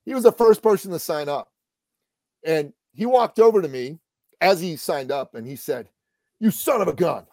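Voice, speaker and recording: A middle-aged man, a business coach, telling a motivational story in a lively conversational way. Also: fairly high pitch, normal speed, dry recording.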